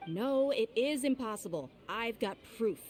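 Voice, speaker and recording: A woman's voice: fairly high pitch, animated, unhurried, darkish tone, faint music behind. A blunt swordswoman. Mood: steady. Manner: blunt and self-assured. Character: confident young swordswoman mercenary. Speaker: professional fighter. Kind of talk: video game voice acting.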